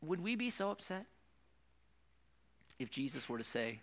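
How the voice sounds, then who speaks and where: A man preaching a sermon, talking to the congregation with rhetorical questions and sudden drops from loud emphasis to hushed whispers. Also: a little high, very animated, unhurried, pauses often. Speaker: pastor.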